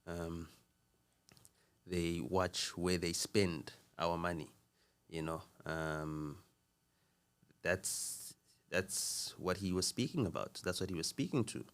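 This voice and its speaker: A man speaking as a podcast guest, earnest and measured, with frequent fillers and restarts. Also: deep voice, smooth. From South Africa. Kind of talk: casual conversational talk.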